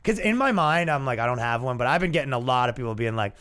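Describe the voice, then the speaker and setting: A man's voice: mid-range voice, expressive, quick pace, a bit bright. A young man with a Canadian accent, hosting a comedy podcast in a crude, sarcastic, rambling rant. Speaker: podcast host.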